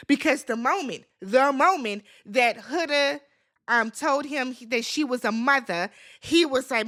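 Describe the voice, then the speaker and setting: Woman recap vlogger, high bright voice, sassy and blunt, addresses the audience directly. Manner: sassy, animated, talks straight to viewers as "y'all"; blunt and opinionated, quick swings in loudness. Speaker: recap vlogger, show host. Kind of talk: casual reality-TV recap commentary.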